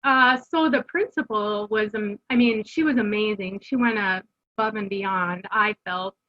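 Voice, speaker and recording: A middle-aged homeschooling mother, appearing as an interview guest, candidly tells her family's story in an earnest, conversational way with fillers and restarts. Her voice is medium-pitched and measured, and the recording has its highs cut off.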